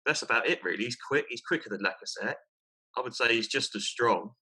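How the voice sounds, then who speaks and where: A man's voice: mid-range voice, brisk, pushed and bright, slightly rough. A young man co-hosting a casual football chat, hesitant, repeating his words and laughing at himself. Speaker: podcast co-host.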